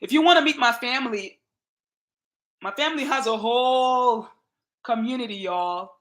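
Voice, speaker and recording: A woman with a Nigerian accent hosting a casual livestream, greeting viewers by name in an emphatic, lively way. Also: fairly high pitch, moderate pace. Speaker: channel host.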